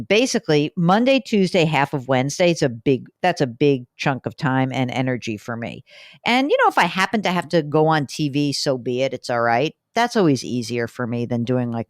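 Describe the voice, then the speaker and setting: A woman's voice: rumbling low, no echo, studio quality. A middle-aged woman hosting a money podcast, chatting casually and with animation. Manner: chatty, animated, laughs easily. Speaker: podcast host. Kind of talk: casual chat.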